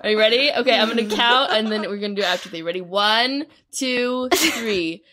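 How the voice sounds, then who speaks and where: A woman's voice: medium pitch, a little fast, sharp tone. A woman co-hosting a podcast in casual, playful banter. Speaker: podcast co-host. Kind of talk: casual chat.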